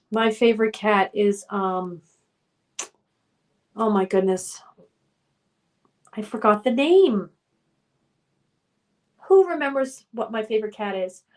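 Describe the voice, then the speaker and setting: A young woman runs a trivia quiz on a live stream, talking slowly and unhurriedly. Her voice sits fairly high. She reads out viewers' names and answers in a chatty, playful, sometimes sing-song way. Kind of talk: casual live-stream chat reading questions.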